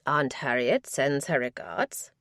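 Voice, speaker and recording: A woman's voice: rumbling low, lively intonation, takes it slowly, a bit bright, no echo, studio quality, voice pushed down, full character voice. A woman voicing a middle-aged mother teasing her daughter on the phone.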